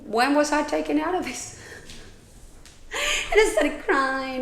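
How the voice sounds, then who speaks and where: A woman's voice: high-pitched, sing-song, slow, gravelly, long pauses, a bit bright, a little hiss or hum. A woman hosting a personal storytelling podcast, talking candidly in a rambling way with lots of fillers and swearing. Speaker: podcast host. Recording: roomy echo.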